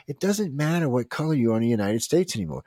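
A man's voice: fairly high pitch, lively intonation, fast talker, gravelly, warm tone, no room sound, studio quality. A man in his fifties hosting a talk radio show, blunt, rowdy and profane, speaking casually. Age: 50s.

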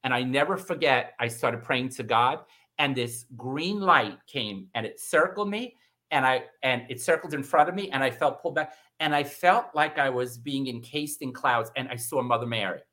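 A middle-aged man, appearing as a guest, tells a personal story in casual conversation at a moderate pace. He's animated, acting out the voices of the people involved with big jumps in pitch.

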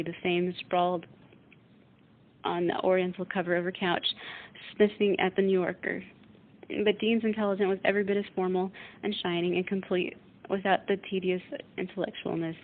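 A woman radio host reading a classic novel aloud in a calm, measured way over a tinny line. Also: lowish voice.

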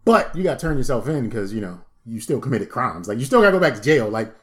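A man co-hosting a podcast in casual chat, animated, profane and joking. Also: medium pitch, fast. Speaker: podcast co-host.

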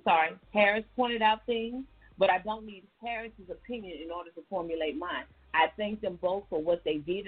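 A woman's voice: lowish voice, slightly rough. A woman hosting a call-in radio talk show, speaking in a folksy, casual way and often calling her listeners y'all. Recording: tinny phone-like radio line.

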